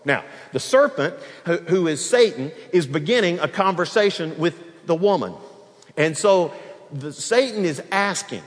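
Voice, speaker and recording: A man preaching an expository sermon, acting out dialogue and swinging between loud and soft. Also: a little high, a little slow. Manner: animated, acts out dialogue, varies loudness. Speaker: pastor. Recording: long hall reverb.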